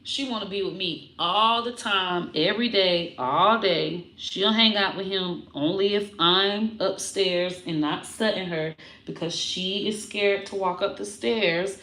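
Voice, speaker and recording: A woman vlogging casually to her viewers, animated and breaking into high baby talk with her dog. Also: unhurried, echoey room. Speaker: comedian vlogger talking about her puppy.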